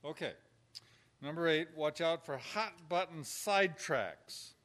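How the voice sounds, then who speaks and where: A man delivers an informal lecture to caregivers, working through numbered points. His voice sits a little high, and he keeps it conversational, slipping into short acted-out exchanges to show what to say. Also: animated, a little slow, a bit bright. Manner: conversational, acts out example dialogue in quotes. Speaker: instructor on pastoral caregiving.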